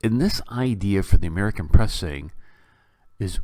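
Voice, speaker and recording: A man hosting a talk show, giving opinionated political commentary in an animated, sarcastic and incredulous way. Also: mid-range voice, moderate pace, no room sound. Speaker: podcast host.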